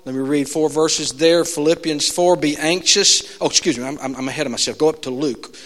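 Male pastor, high-pitched, animated sermon delivery that swings from quiet to loud, echoing church hall. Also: a little fast. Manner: animated storytelling, swinging from hushed to shouting. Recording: long reverb of a large hall.

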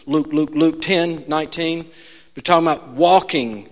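Male pastor, high-pitched, animated sermon delivery that swings from quiet to loud, echoing church hall. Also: normal speed. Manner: animated storytelling, swinging from hushed to shouting. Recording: long reverb of a large hall.

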